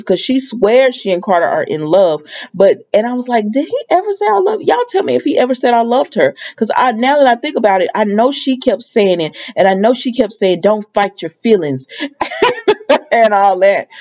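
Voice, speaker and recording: A woman's voice: mid-range voice, darkish tone, highs cut off. A woman giving a casual, opinionated recap of a soap opera episode, retelling the scenes and quoting the characters' lines as she goes.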